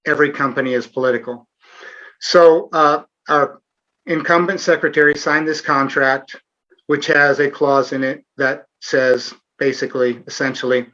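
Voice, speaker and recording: A man's voice: mid-range voice, fairly even intonation, moderate pace, pushed and bright, lo-fi sound. A middle-aged man hosting a live online Q&A, talking earnestly with sarcastic asides and frequent fillers. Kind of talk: casual livestream interview.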